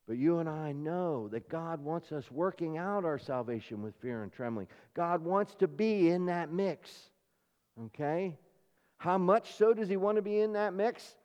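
A pastor preaches a sermon, his voice sitting a little high for a man. He pushes hard on key phrases, then falls back to quieter, confiding asides. A long hall reverb trails behind every line. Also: expressive, measured pace, muffled recording. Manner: emphatic preaching with rising and falling intensity.

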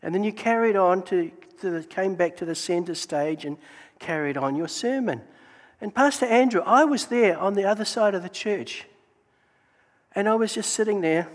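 New man, high-pitched storyteller sharing testimony in a reverberant hall. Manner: storytelling, animated, exclaims praise. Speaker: Gideons member giving testimony. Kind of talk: church testimony talk.

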